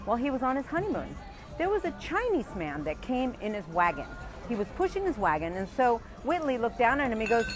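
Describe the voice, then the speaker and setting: Bubbly woman host with very lively pitch. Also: normal speed, faint music behind. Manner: bubbly, laughs often. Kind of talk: lively presenting to camera. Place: outdoors on a busy street.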